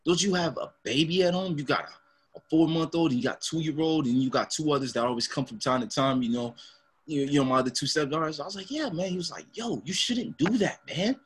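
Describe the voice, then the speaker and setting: A man's voice: on the high side, brisk, slightly rough. A young man co-hosting a podcast in casual chat, laid-back, laughing often and calling his friend man and dog. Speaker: podcast co-host.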